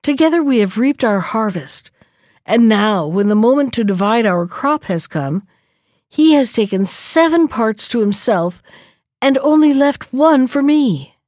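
A woman's voice: fairly high pitch, expressive, measured pace, darkish tone, no room sound, clean studio sound. A woman doing a pleading wronged sheep. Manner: pleading, indignant.

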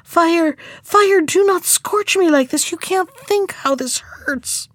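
A woman voicing a selfish, boastful male half-chick from a storybook, curt and scornful, turning shrill when he begs. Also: big pitch swings, moderate pace, dry recording, clean studio sound. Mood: pleading.

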